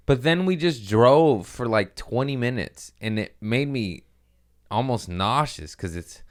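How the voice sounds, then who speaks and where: A young man riffing through a comedic monologue in a loose, casual way. His pitch swings widely as he slips in and out of loud, jokey voices for the people in his stories. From Mexican-American family. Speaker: comedian podcast host.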